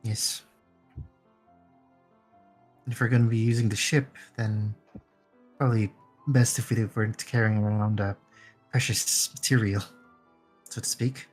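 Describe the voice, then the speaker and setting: Husky-voiced man playing a tabletop game. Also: on the low side, steady tone, unhurried, pauses often, soft background music. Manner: laughing, casual. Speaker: player. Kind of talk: casual tabletop play.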